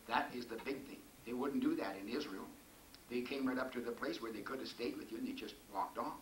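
Older preacher praying in an echoey church. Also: male voice, medium pitch, fairly quick, distant mic. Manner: preaching with emphatic raised passages, then quiet earnest prayer. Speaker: pastor. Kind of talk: sermon and closing prayer. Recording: echoey church recording with faint hiss.

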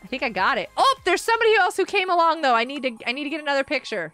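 A woman with a high, bright voice chats excitedly while she plays a game live, her pitch swinging widely as she gasps and laughs. Faint game music plays behind her. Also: rapid-fire. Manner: excitable, gasping and laughing often. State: sleepy, yawning. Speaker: gaming livestreamer. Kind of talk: casual live gameplay chat.

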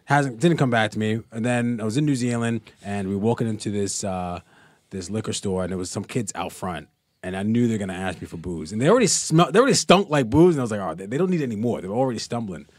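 Man telling a lively story, dry sound. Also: fairly low pitch, fast talker, no echo. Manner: animated anecdote-telling with laughs. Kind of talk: casual storytelling.

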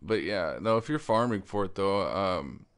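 A man's voice: low-pitched, lively intonation, moderate pace, a bit bright, smooth. A man giving casual commentary over his own game, rambling with lots of fillers, restarts and the odd stutter, and swearing when surprised. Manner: stutters while explaining. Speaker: let's play gamer.

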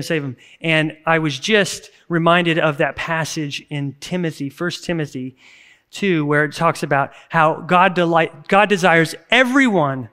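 Male pastor, sermon, fairly high voice, earnest, conversational, sudden emphatic bursts. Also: sharp tone. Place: church service recording.

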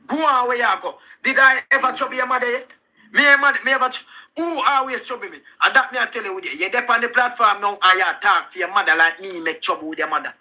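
Insistent man with a Jamaican accent, high-pitched. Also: fast, bright, forceful tone, poor audio. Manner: insistent, repeats himself, talks over the other. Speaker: live-stream arguer. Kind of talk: heated live argument.

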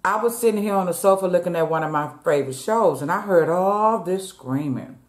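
A woman's voice: fairly low pitch, a little fast. Chatty woman vlogger who talks to her viewers as "y'all" and eats between sentences, echoey home room. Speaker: mukbang vlogger. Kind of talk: casual chat while eating.

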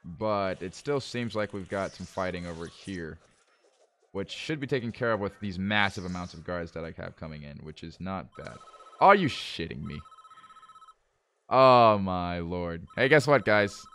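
A man chatting casually with viewers while live-streaming a game, calmly planning moves, then breaking into exasperated outbursts. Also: low-pitched, moderate pace. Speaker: livestreamer playing a management game. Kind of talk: casual live gameplay commentary.

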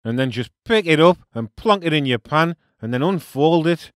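A man's voice: on the high side, animated, normal speed, no room sound, clean studio sound. A man with a Teesside accent hosting a cooking show, chatty and jokey, full of local slang and playful French words. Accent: Teesside English. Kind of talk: casual cooking demonstration.

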